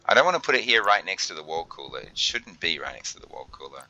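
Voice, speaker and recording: A deep-voiced young man talks his way through a game as he plays. His tone is bright and forceful. He keeps stumbling over his words and restarting his sentences. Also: sing-song, quick pace, vocal fry, a little hiss or hum, low-quality recording. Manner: flustered, thinks aloud with many fillers and restarts. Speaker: gaming video host. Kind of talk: let's play commentary.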